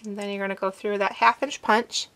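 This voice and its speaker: A woman hosting a craft tutorial, explaining each step in a relaxed instructive way with some fillers as she works. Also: medium pitch, brisk, slight background noise. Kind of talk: demonstration, talking while working.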